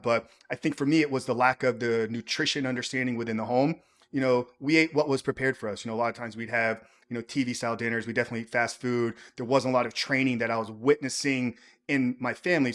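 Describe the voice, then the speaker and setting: Male podcast host, mid-pitched and quick, loose conversational interviewer. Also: a bit bright. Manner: loose, filler-heavy questions. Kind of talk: interview questions.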